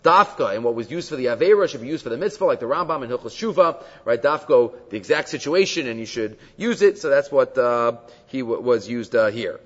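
A man's voice: mid-range voice, expressive, brisk. A man teaching a Talmud class, explaining texts, dropping Hebrew terms into his English and checking in with frequent rhetorical questions. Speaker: Torah teacher. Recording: dull lo-fi sound with long hall reverb.

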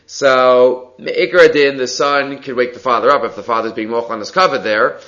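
A man's voice: mid-range voice, brisk, few pauses, bright, forceful tone. A man teaching a Talmud class, reading Aramaic lines aloud and explaining them in casual English. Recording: slightly dull lo-fi recording.

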